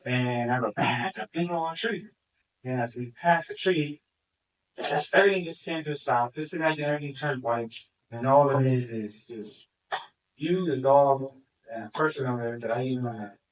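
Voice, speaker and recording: A man who handles a search dog tells the story at a community meeting, excitedly acting out what he said. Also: mid-range voice, moderate pace. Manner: excited, acts out his own quoted remarks. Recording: distant from the mic.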